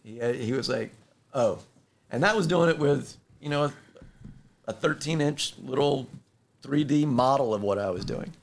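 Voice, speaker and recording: A man's voice: medium pitch, normal speed, gravelly. A man in casual conversation, telling stories and acting out the voices of the people in them. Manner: animated storyteller who acts out quoted voices. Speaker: inventor of a firefighter rescue board.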